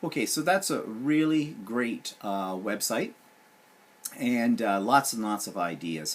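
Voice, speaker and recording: A man's voice: on the low side, slightly rough. A man hosting his weekly vlog, griping sarcastically and with animation. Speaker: vlog host. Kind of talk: casual vlog rant.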